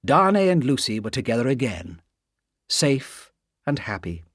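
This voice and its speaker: Slow expressive guy reading an audiobook, bouncy pitch. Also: dry recording, studio quality. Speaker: audiobook narrator. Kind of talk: scripted narration.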